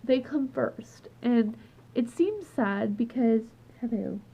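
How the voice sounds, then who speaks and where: A woman's voice: fairly high pitch, animated, slow pace, gravelly, husky. A woman speaking in an emotional personal vlog, crying and upset, trailing off and restarting as she talks at home. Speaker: vlogger. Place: at home with her dog. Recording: dull lo-fi home recording.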